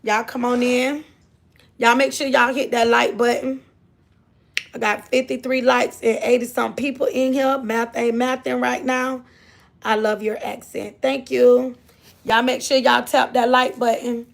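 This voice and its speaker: A woman with a fairly high, gravelly voice hosts a casual livestream. She talks loosely and repeats herself, stopping often to greet the people in her chat. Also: level tone, a little slow. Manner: rambling, repeats herself, chats with viewers. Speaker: livestream host.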